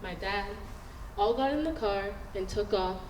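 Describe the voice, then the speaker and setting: A woman's voice: mid-range voice, lively intonation, unhurried, a little mellow, a little hiss or hum. A woman telling an earnest, reflective personal story at a story slam. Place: stage in a large hall. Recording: echoey hall, picked up from a distance.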